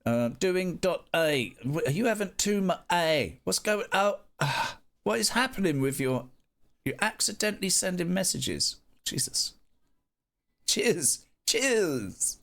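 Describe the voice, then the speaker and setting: Playful, lively man streaming. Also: high-pitched, unhurried. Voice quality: animated, playful, sing-song greetings to chat. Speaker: live streamer chatting with viewers. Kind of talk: casual live-stream chat.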